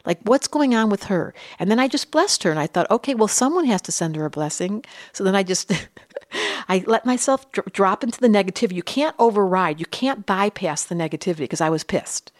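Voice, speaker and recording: Animated storytelling woman, dry close sound. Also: mid-range voice, a little fast, no room sound. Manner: animated storyteller, acts out quotes, drops to whispers. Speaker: astrologer and psychologist guest. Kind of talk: casual interview chat.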